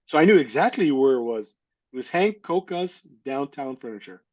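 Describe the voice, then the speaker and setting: A man's voice: medium pitch, lively intonation, normal speed, a little mellow. A middle-aged man telling a personal story in an interview, candid and earnest, often stopping to restart and repeat his words. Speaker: interview guest. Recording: slightly dull lo-fi audio.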